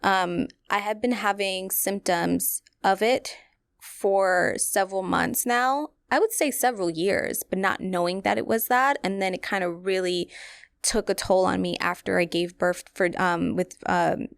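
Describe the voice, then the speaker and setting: A woman's voice: medium pitch, fairly even intonation, unhurried, vocal fry, clean tone, no room sound, studio quality. A young adult woman hosting a podcast, telling a personal story in a candid, rambling way with many fillers. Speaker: podcast host.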